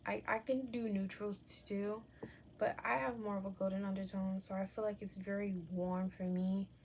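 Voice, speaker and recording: Speaking at a normal speed with a level tone, this young adult makeup vlogger casually walks through a tutorial at home, chatty, candid and self-correcting. Her medium-pitched voice is a little mellow, and there's slight hiss or hum.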